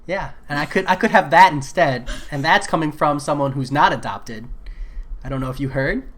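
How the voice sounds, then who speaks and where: A man's voice: on the high side, moderate pace, fairly bright tone. A man chatting casually while live-streaming a game, answering viewer messages in a laid-back way.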